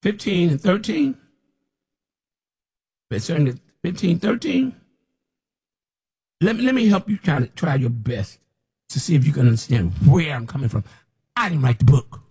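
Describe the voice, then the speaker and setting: This man, claiming to be a prophet, preaches to camera in a blunt, rambling, scolding manner and repeats himself a lot. His voice runs on the high side, animated and warm with a slight roughness, at a moderate pace broken by long pauses.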